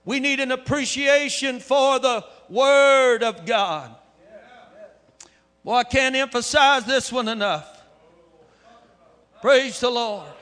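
A man preaching a sermon with fervor, his voice building up to shouts. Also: very high-pitched, takes it slowly, pauses often. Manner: fervent, rising to shouts. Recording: echoey hall with long reverb.

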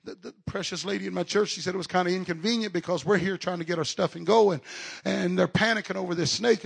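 A high, gravelly male preacher delivering a fiery revival sermon at a live service. His voice rings bright and forceful, and he climbs into passionate shouts, stumbling over repeated words as the fervor takes him. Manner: impassioned, builds to shouting, stammers and repeats. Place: live church retreat service.

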